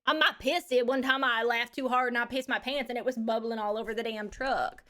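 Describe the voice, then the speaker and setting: Cheekily performing a live-stream character, a woman takes on a brash, crude Texan woman trucker just back from space who drawls and calls everyone "baby." She speaks briskly with a fairly high pitch and a steady, sharp tone.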